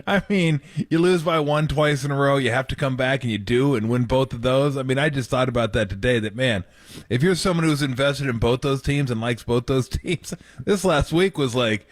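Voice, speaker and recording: A man hosting sports talk radio, easygoing and conversational with the odd chuckle. His voice is mid-pitched. He is recorded close and dry in a studio. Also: no room sound.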